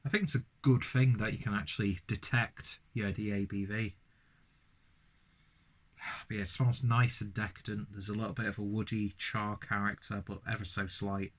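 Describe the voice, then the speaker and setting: Guy chatting through a beer review, lowish voice, lots of ums and restarts. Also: little pitch movement, moderate pace, fairly bright tone. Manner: rambling, lots of fillers and restarts. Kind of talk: casual beer review vlog.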